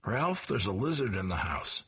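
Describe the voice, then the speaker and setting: A worried comic-strip wife, asking her husband to deal with a lizard, read by a man in his own raspy voice lifted slightly higher. The sound stays husky and bright-edged. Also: big pitch swings, normal speed, full character voice. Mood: concerned.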